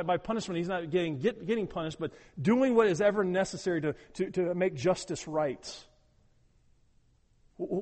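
A male pastor preaching in a church hall, his voice set high for a man. He stresses his points hard, doubles up words, and drops to a hushed, prayerful tone between loud urging passages. The sound carries a long hall reverb. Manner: emphatic, repeats words, swings from loud urging to quiet prayerful tones. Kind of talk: sermon.

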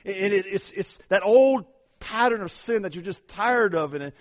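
Male pastor with a slightly high voice, emphatic sermon delivery, repeats words. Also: animated, normal speed. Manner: emphatic, urging the congregation, frequent repeated words.

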